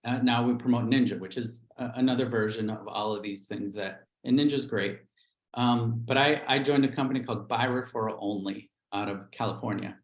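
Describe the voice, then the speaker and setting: A man's voice: mid-range voice, fairly quick, roomy sound, low-quality recording. A middle-aged man, a real estate agent, telling his career story candidly on a livestream interview, acting out quotes as he goes.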